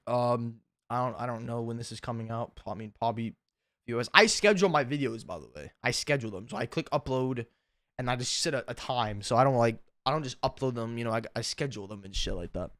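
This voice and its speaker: A man's voice: mid-range voice, fast, a bit bright, no room sound. A tired young man chatting casually in an unedited vlog, rambling, self-deprecating and cussing a lot, recorded at home on a desk mic. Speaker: YouTuber.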